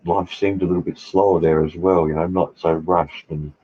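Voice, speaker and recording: A man's voice: sits low, fairly even intonation, moderate pace, husky, lo-fi sound. A man, chatting casually and rambling with hesitant fillers. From Australia. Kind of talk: casual chat.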